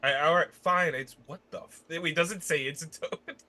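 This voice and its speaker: A man playing a tabletop game, excitable and quick to laugh, jumping from quiet asides to loud outbursts. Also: a little high. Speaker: player.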